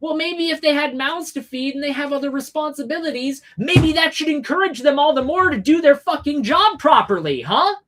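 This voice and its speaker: Heated woman streamer going off, swears a lot, voice sits kinda high. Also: lively intonation, normal speed, few pauses. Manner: angry, profane, emphatic. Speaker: livestream host. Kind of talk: ranting political commentary.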